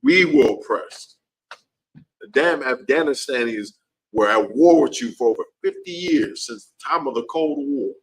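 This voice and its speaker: A man at a middle pitch preaching to a class. His delivery is heated and repetitive, and his voice jumps sharply higher whenever he gets worked up. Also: lively intonation, unhurried, breathy edge, poor audio. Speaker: class teacher.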